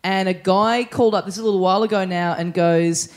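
A man's voice: sits high, steady tone, fast. Chuckling man telling a story. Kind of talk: casual chat.

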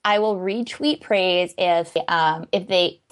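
A young adult woman with a North American accent and a lowish voice speaks slowly as a podcast guest. She's a writer, and her casual chat is bubbly and chatty, filled with frequent "like" fillers.

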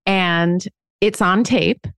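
A woman in her forties tells a story on her own podcast with frank, self-mocking humor and easy laughter. Her voice sits on the low side for a woman. The sound is close and dry, with no room around it. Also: very slow, gravelly, fairly bright tone, clear, resonant tone, no echo. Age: 40s. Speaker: podcast co-host. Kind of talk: casual chat.

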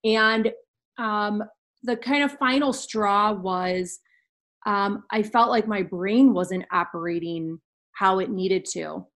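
A woman's voice: mid-range voice, slow pace, fairly bright tone. A young woman in her twenties, a podcast guest candidly telling a personal story in an earnest way. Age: 20s.

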